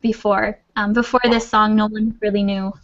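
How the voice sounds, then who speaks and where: Over a video call, a woman teaches an English class in a patient, reassuring way, explaining things in a friendly manner and laughing often. Her mid-range voice moves little in pitch at a normal speed, and the audio sounds dull.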